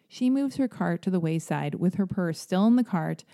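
A woman hosting her own podcast, rambling through a story in a self-deprecating way and jumping into high, animated voices when she quotes people. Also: moderate pace, creaky. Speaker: podcast host. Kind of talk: casual solo podcast monologue.

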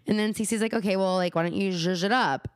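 A young woman talks through a TV episode on her podcast, lively and loose, slipping into the characters' voices and cursing as she goes. Her voice sits in a middle register, recorded close and dry with no room sound. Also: mid-range voice, normal speed, no room sound. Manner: animated, acts out characters' lines, swears freely. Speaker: podcast co-host. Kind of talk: casual chat recapping a TV episode.

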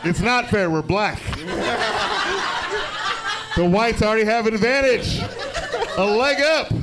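A man who is a comedian, telling stories loudly and profanely with frequent laughs on a live podcast in a bar. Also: high-pitched, animated, measured pace. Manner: loud, profane, laughing often. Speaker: comedian guest. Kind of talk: live podcast banter and storytelling. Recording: loud background noise.

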